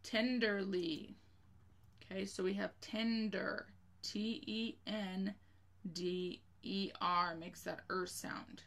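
Patient woman teacher, slow and steady, slightly gravelly, spells words out for kids. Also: mid-range voice. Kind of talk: spelling lesson for children.

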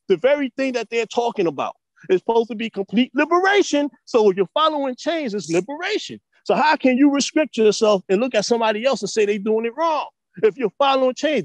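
In a relaxed interview, a martial arts instructor from the US East Coast talks with energy and plenty of profanity, leaning on street slang and "you know what I'm saying." His pitch is extremely high, and the recording is dry.

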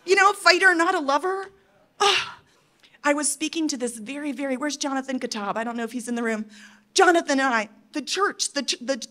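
A high-voiced woman delivers an emotional conference address, her voice catching as if she is fighting back tears. She pleads and presses her listeners with emphatic bursts, then drops suddenly into soft, hushed moments. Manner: swings between loud outbursts and soft near-whispers. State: tearful. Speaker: conference speaker.

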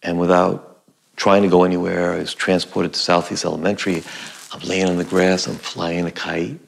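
A man's voice: low-pitched, flat delivery, moderate pace, vocal fry, a little hiss or hum. A middle-aged man, an acting teacher, telling a personal story in a conversational way and acting out his own past lines. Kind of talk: personal anecdote told to camera.

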